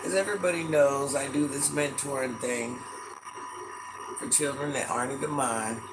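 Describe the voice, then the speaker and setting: Live-streaming at a moderate pace, a man with a steady, medium-pitched voice chats casually and reads out viewer comments. Sassy and slightly stuffy from allergies, he repeats himself and calls viewers "baby," while an air conditioner hums under loud background noise.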